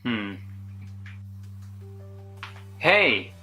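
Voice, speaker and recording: A man's voice: medium pitch, very animated, extremely slow, bright, forceful tone, faint music behind, full character voice. A man playing a pushy self-promoting creator. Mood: mock skit. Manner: acts out both sides of a mall encounter.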